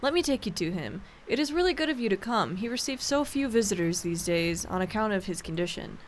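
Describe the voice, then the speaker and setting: A woman's voice: medium pitch, very animated, brisk, a little hiss or hum, lightly acted. A woman voicing a fussy, kindly elderly female housekeeper in a game, with a put-on accent. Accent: put-on accent unlike the other figures.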